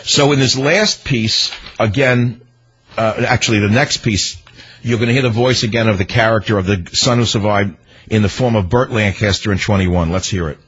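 A man delivering political commentary on his radio show, indignant and rhetorical. His voice is low and husky. The broadcast sounds dull and lo-fi. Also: moderate pace, fairly bright tone. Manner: indignant, rhetorical, hammering repetition. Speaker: radio talk show host.

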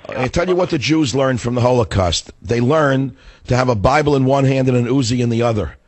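A middle-aged man hosting a radio talk show, hoarse as his voice gives out, ranting in a fiery, combative way. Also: medium pitch, fairly quick, a little mellow, dry recording. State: hoarse, voice going.

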